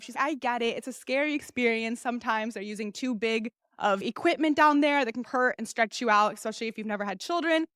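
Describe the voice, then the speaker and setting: A woman's voice: fairly high pitch, quick pace, few pauses, fairly bright tone, dry recording, studio quality. A young woman hosting a podcast, telling a personal story in a candid, blunt, crude way. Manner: candid, blunt and crude, acts out the nurses' soothing voices. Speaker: podcast host. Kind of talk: casual storytelling monologue.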